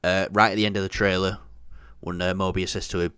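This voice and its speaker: Low-voiced crude joking man. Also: level tone, brisk, a bit bright, clean tone, no echo, studio quality. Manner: crude, jokey, swears freely. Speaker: podcast co-host. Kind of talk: casual movie news chat.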